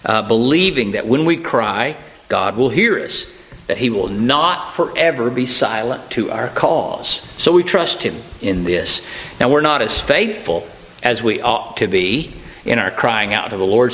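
Male preacher, conversational sermon, folksy asides, plain unhurried delivery with ums and restarts. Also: medium pitch, a bit bright, rough recording.

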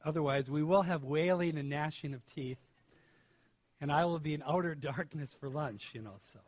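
High-voiced emphatic male preacher. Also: moderate pace, dry recording. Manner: emphatic, swings from hushed to loud stress. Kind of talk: sermon.

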